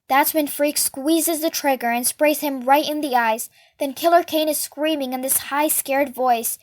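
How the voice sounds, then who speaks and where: Lady reading a kids' novel out loud, high voice, steady and calm. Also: a little slow, few pauses. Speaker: storyteller. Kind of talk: reading a children's novel aloud.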